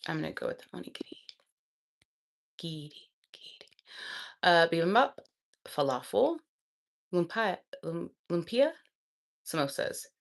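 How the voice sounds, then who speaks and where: A woman vlogger chatting casually and thinking aloud, excitable and quick to laugh. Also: on the low side, creaky.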